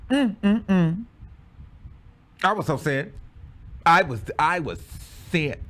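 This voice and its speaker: High-pitched guy spilling a story time tale, voice swooping up and down, super dramatic and exclamatory. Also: sing-song, slow pace, long pauses, a bit bright. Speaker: vlogger telling a personal story.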